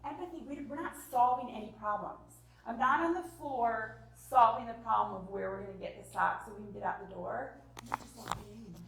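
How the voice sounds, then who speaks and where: A woman with a somewhat high voice runs a lively parenting workshop, acting out little scenes between parents and children and sometimes sinking into a whisper. She sounds far from the mic, and the hall around her rings with heavy echo. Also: brisk, gravelly, slight background noise. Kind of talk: lively parenting talk to a live group.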